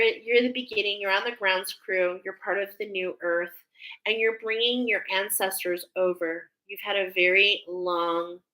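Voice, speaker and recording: A woman reads cards live for her viewers and describes the images she sees in vivid, heartfelt terms. Her voice is bright and forward, and her delivery is emotional and effusive. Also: mid-range voice, rough recording. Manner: emotional, gushing, speaks in images. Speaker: intuitive card reader. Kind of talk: live spiritual card reading. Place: live stream at home.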